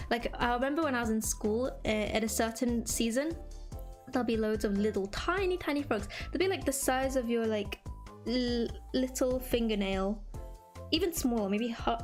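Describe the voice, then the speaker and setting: A young woman from England chatting casually with her stream viewers, rambling with lots of fillers. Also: a little high. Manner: rambling, filler-heavy, chirpy. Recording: faint music behind.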